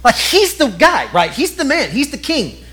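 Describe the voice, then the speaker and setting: High-voiced man preaching a lively sermon. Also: normal speed. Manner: lively, conversational preaching with asides to the congregation. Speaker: pastor.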